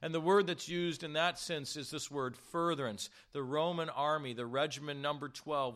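Bright, animated preaching man. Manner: animated, rhetorical questions to the congregation; slows and drops low to stress key words. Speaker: pastor. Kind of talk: sermon.

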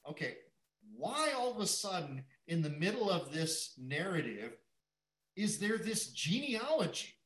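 A man's voice: on the high side, bright, forceful tone, echoey room, rough recording. A man teaching the Bible verse by verse, thinking aloud and often repeating his words as he goes.

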